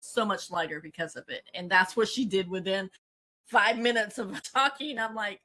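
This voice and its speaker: A woman's voice: medium pitch, moderate pace, pushed and bright. A woman hosting an interview, responding with enthusiasm. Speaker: host. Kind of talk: casual interview talk.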